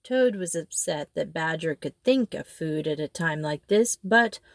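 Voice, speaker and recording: A woman reading a children's storybook aloud in a steady, expressive way. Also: low voice, measured pace, no echo, clean studio sound. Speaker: storybook reader. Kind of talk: storybook narration.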